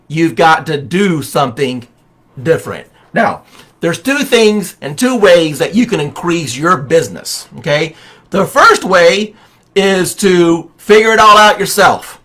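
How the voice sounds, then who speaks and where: A man's voice: on the high side, expressive, measured pace, bright, forceful tone. A man coaching real estate agents on a livestream, speaking energetically and preachily and firing rhetorical questions at his viewers. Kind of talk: motivational livestream talk.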